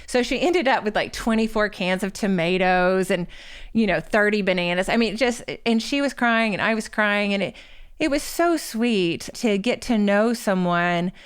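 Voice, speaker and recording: A woman's voice: mid-range voice, normal speed, clean tone. A woman in her forties, a guest author telling a personal story in a candid, self-deprecating way on a podcast interview. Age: 40s.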